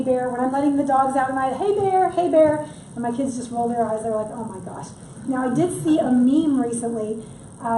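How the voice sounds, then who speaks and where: A woman's voice: high voice, warm tone, slight background noise. A middle-aged woman giving a chatty public workshop talk on wildlife, with joking asides. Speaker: wildlife presenter. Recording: echoey room, mic from far off.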